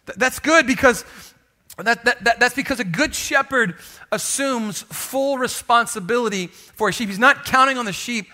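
A man preaching a sermon in an animated, lively way, often calling out to the congregation for a response. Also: extremely high pitch, normal speed. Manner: animated, calls for audience response. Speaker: pastor.

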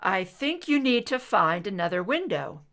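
A woman voicing a dry, teasing male FBI agent in a read-aloud story, with slightly lowered delivery and deadpan wisecracks. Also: normal speed, full character voice. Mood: firm.

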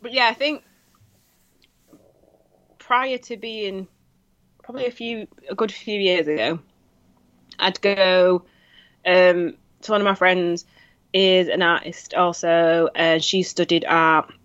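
A woman's voice: on the low side, steady tone, slow pace, pauses often, fairly bright tone, smooth, no echo. Laughing woman, dull dry sound. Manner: chatty, laughs often, rambling restarts. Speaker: podcast co-host. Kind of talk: casual chat.

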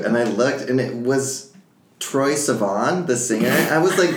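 Male co-host, mid-pitch, teasing storyteller, echoey room. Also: a little slow. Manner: playful, joking, lively storytelling. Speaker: podcast co-host. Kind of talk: casual chat.

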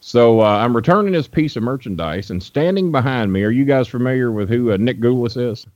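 A man's voice: mid-range voice, animated, fairly quick, darkish tone, no room sound, highs cut off. A man from Louisville telling rambling, profane stories as a guest on an interview show. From Louisville, Kentucky. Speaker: guest, wrestling manager. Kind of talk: casual interview storytelling.

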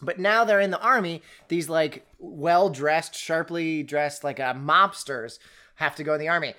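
A co-host chatting casually about a book in an animated, rambling way, often restarting sentences. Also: mid-range voice, a little slow. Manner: animated and rambling, breaks into quoted voices, many restarts. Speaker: podcast co-host reviewing a book. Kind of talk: casual chat.

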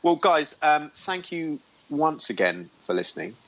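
Lively joking man on a call. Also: fairly high pitch, unhurried. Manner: joking, playful. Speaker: podcast co-host. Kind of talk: casual chat. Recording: muffled call audio.

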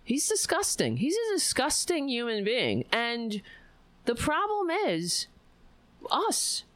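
A woman host of a livestream, ranting about politics with profanity and sarcasm. She talks slowly, her pitch swinging a lot, and sounds dry and close to the mic. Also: huge pitch swings, fairly bright tone, no echo. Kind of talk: casual political rant.

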